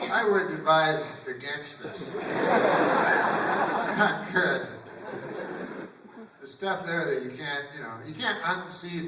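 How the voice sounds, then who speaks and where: A man doing stand-up comedy in a theater, rambling and deadpan, breaking into loud put-on voices. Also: a little high, very noisy. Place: theater stage. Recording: grainy, echoey theater recording from far off. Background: audience laughter.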